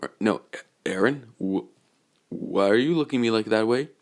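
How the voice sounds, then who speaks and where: A man's voice: lowish voice, lively intonation, normal speed, vocal fry. A man doing a stammering scared teen bully. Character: shaken nervous teenage boy bully.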